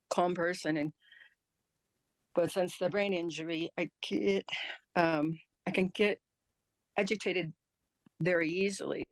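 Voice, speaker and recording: Woman, interviewee, halting, indignant, lowish voice, dry sound. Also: no room sound, rough recording. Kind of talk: telling her side in an interview.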